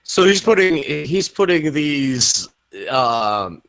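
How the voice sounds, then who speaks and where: A man's voice: a little high, big pitch swings, takes it slowly, fairly bright tone. A man hosting a podcast who asks loose, joking questions full of fillers. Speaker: podcast host. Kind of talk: casual interview questions.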